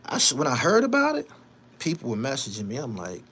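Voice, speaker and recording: A man's voice: medium pitch, wildly swooping pitch, quick pace, a bit bright, a little hiss or hum. A man hosting his own show, delivering a heated, boastful, profane monologue and repeating himself for emphasis. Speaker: show host. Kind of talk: angry monologue to camera.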